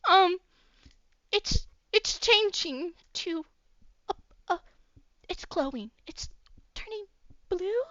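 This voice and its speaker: A deadpan young man who gives flat, dry answers, voiced by a woman in a bright, high tone. The dry, dull, lo-fi sound comes from a stream mic. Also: takes it slowly, long pauses, dry recording, heavily acted.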